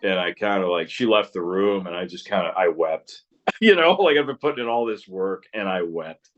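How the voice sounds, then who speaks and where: A man's voice: deep voice, lively intonation, normal speed, fairly bright tone, muffled recording. A man in his thirties, a musician guest in a casual interview, rambling through stories, swearing freely and laughing often.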